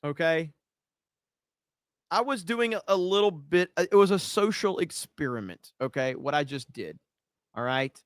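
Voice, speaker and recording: A man's voice: a little high, lively intonation, normal speed, pauses often, clear, resonant tone, no room sound, studio quality. A man hosting a casual livestream, reading out viewer comments and ranting in a profane, mock-outraged way. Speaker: livestream host.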